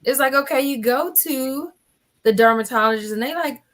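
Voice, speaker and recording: On a casual panel, a guest in her forties recounts her own experience in a high voice at moderate pace. She's animated, voicing other people's lines as she goes.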